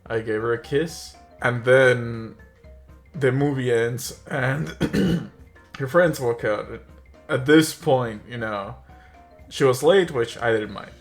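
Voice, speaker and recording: A man's voice: medium pitch, slow. Young guy vlogger rambling thru a story, lots of likes and you knows, faint music behind. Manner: rambling, filler-heavy, chuckles at own story. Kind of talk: casual storytime monologue.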